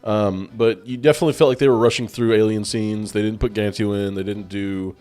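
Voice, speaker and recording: A man's voice: fairly low pitch, steady tone, fairly quick, darkish tone. A man co-hosting a casual film review podcast, rambling with lots of "like" and casual swearing. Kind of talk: casual chat.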